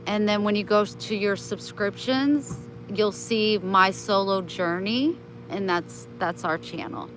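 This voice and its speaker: A woman's voice: medium pitch, slow, hardly any pauses, over music, low-quality recording. A woman chatting on a casual live stream, talking kindly and motherly to her viewers and her pets.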